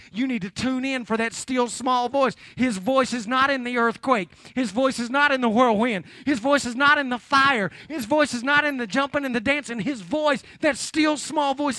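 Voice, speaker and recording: A man preaching a sermon, building repeated phrases to loud peaks and dropping to hushed, near-whispered lines. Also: very high-pitched, no room sound. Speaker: pastor.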